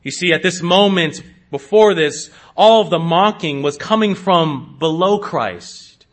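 Pastor, male, high voice, deliberate sermon delivery with emphatic swells. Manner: slow, emphatic preaching with sharp rises in pitch and volume.

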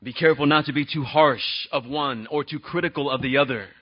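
A man's voice: fairly high pitch, brisk, highs cut off. A male pastor preaching a sermon in a conversational way, often asking the congregation questions.

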